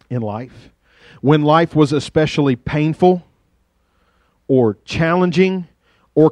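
Folksy pastor from rural Virginia. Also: male voice, a little high, dry recording. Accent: rural southwest Virginia. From Virginia, USA. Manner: down-home, joking, swings between loud and hushed. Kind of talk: folksy storytelling sermon.

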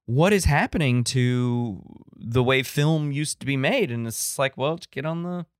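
A male podcast host chatting casually about classic films and wandering off on long tangents with plenty of restarts. His voice is smooth and clear, at a middle pitch. The sound is dry and close. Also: a bit bright, no room sound. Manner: rambling, digressive, many restarts; enthusiastic about old films. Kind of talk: casual film-review chat.

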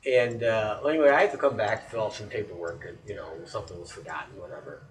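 A man co-hosting a casual chat, telling an animated story with laughter. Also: lowish voice, quick pace, distant mic, rough recording. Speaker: podcast co-host.

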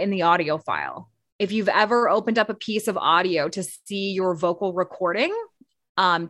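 A Canadian woman, a radio broadcaster who co-hosts a podcast, offers speaking tips casually and conversationally, with fillers and restarts. Her mid-range voice is a bit bright, captured in a dry, clean studio recording.

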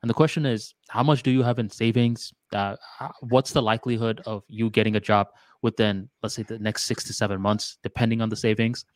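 A man's voice: on the low side, steady tone, fairly quick, hardly any pauses, no echo. A man co-hosting a podcast in casual chat, thinking aloud in a loose way with lots of filler words. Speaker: podcast co-host.

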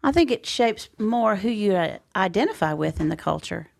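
A woman co-hosting a podcast, her medium-pitched voice carrying a noticeable creak. She talks in a gentle, unhurried way with a wry edge. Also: animated, dry recording, clean studio sound. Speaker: podcast co-host. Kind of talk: casual podcast chat.

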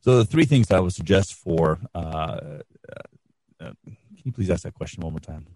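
A middle-aged man speaking as an interview guest, relaxed and explanatory, on a quality studio microphone. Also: low voice, normal speed, no echo. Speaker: guest, radio instructor and podcast producer. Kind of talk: casual interview answers.

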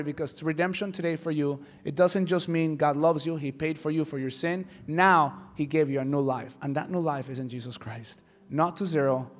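A high-pitched man delivers a fervent sermon, dropping to near-whispers and rising to full shouts. Soft music plays faintly behind him. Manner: impassioned, swings from hushed to shouting. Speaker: pastor.

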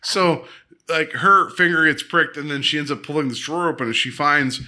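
A man co-hosting a podcast, casually and animatedly retelling an episode with lots of quick asides. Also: a little high, pushed and bright. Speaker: podcast co-host. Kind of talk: casual chat.

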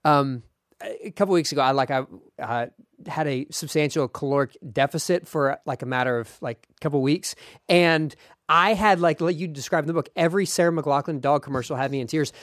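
A man hosting an interview, animated and self-deprecating, laughing easily as he reacts to his guest. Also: a little high, brisk, dry recording, studio quality. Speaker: podcast host. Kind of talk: casual interview chat.

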